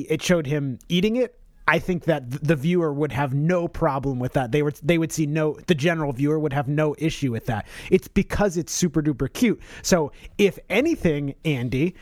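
A man's voice: on the high side, normal speed, a little mellow, dry recording, clean studio sound. A man co-hosting a podcast in casual chat, rambling with many restarts and self-corrections. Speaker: podcast co-host.

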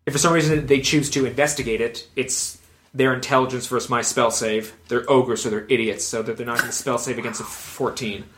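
A man's voice: medium pitch, fairly even intonation, a little fast, a bit bright, a little hiss or hum. A man playing a tabletop game, working out spell rules aloud and chuckling often. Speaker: player. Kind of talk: casual game table chat.

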